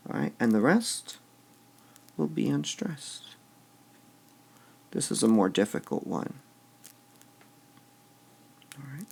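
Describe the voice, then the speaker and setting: A man lectures on poetic meter in a slow, careful way, with a gravelly edge to his voice. He leans hard on stressed syllables, and his pitch swings widely from word to word. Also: big pitch swings, a little mellow. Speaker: teacher.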